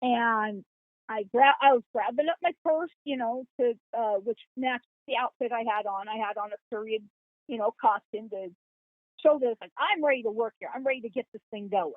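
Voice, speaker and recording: A woman, a psychic guest on a podcast, telling a story in an animated, folksy way, acting out quoted dialogue. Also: a little high, normal speed, no room sound. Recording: tinny, phone-like line.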